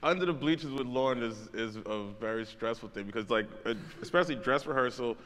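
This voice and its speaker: Bright animated male storyteller. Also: medium pitch, a little fast, in a large hall. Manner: animated storyteller, laughs through his words. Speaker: comedy writer and panel guest. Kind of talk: stage conversation telling an anecdote. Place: conference stage in a large hall.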